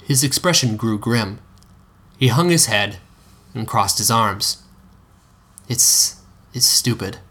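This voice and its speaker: A man's voice: on the low side, expressive, unhurried, sharp tone. A man narrating a story aloud, reading steadily with occasional slips and restarts.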